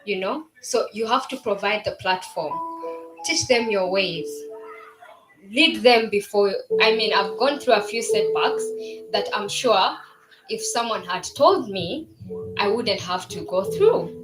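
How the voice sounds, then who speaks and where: A woman's voice: mid-range voice, lively intonation, unhurried. Young woman giving a launch speech. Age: 20s. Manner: warm, earnest, with frequent fillers and restarts. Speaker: business founder. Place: event venue. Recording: roomy venue with music and crowd behind.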